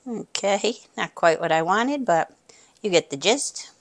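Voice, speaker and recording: A woman's voice: medium pitch, animated, a little slow. A woman hosting a cooking video from her kitchen, chatting straight to viewers and murmuring with pleasure as she tastes. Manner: savoring, with appreciative murmurs. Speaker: cooking channel host. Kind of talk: casual cooking demonstration.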